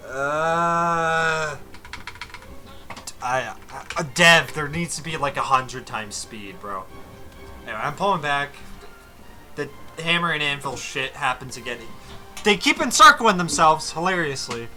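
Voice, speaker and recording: A man's voice: on the high side, big pitch swings, measured pace, bright, forceful tone, faint music behind. A young man giving casual, exasperated commentary over his strategy game footage, swearing freely as he walks through a match. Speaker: gaming commentator.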